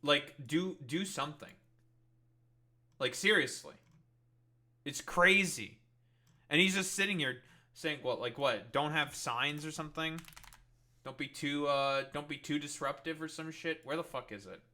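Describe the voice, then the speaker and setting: Streamer, male, fairly high and sharply bright voice, ranting exasperated and profane over the news. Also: a little slow, pauses often. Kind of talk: ranting political commentary. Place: home streaming setup.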